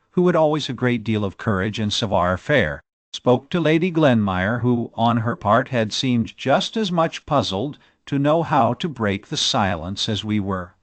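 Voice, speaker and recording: Male audiobook narrator, classic novel, lively pitch, dry close sound. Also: dry recording.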